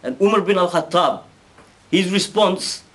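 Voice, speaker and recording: A man casually retelling a story, animated, acting out quoted speech and often restarting his sentences. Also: high-pitched, unhurried.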